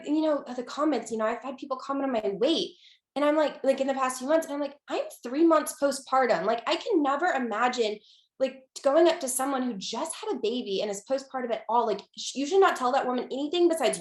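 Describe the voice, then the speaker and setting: A young woman talking casually as an interview guest, with lots of fillers and restarts, getting lively when she quotes people. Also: sits high, fast talker, reverberant.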